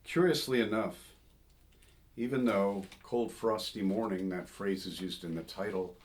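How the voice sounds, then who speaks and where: A man's voice: on the low side, a little slow. A man, a folk singer and song scholar, talking informally about an old song, thoughtful and digressive, with sung snippets as examples. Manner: thoughtful, digressive, sings short phrases to illustrate. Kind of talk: informal spoken commentary on a song.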